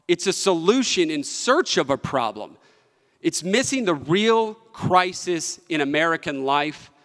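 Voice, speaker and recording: A man's voice: on the high side, fairly bright tone. Impassioned man at a podium. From West Virginia. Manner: impassioned, emphatic, with repetition for effect. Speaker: state treasurer. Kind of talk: political conference speech. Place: large conference hall. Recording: long hall reverb from a conference room.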